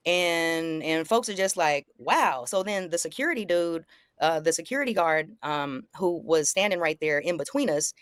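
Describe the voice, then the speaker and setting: A fairly low-voiced young woman telling a story in casual conversation. She jumps up in pitch when she acts out what was said. The recording is close and dry. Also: no echo. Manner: animated, acts out quoted lines in a higher voice. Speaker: guest recounting a confrontation.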